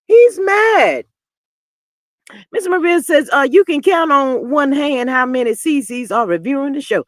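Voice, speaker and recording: A woman who hosts reality TV commentary reads viewer comments on a live stream and responds sassily and animatedly, shifting from low grumbles to loud exclamations. Her pace is a little slow, and there's no echo.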